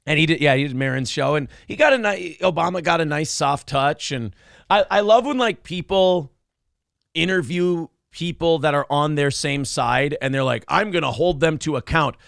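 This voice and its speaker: Man, host, casual podcast chat, gravelly voice, higher pitch, dry sound. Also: normal speed, dry recording. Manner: profane, animated, jokey.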